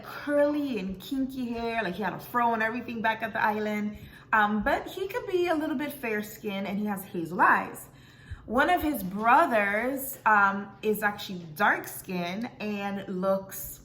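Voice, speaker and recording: A young woman from South Florida vlogging casually as she reads out her results, with many ums and pauses to check how words are said. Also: medium pitch, bright, forceful tone, a little hiss or hum. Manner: chatty, many ums, unsure of pronunciations. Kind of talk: casual vlog, reading results aloud.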